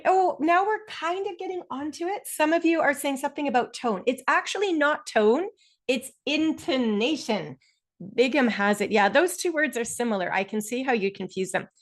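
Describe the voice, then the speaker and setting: A woman teaching a live online speaking lesson over a video call, explaining step by step and encouraging her students. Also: fairly high pitch. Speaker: test prep instructor.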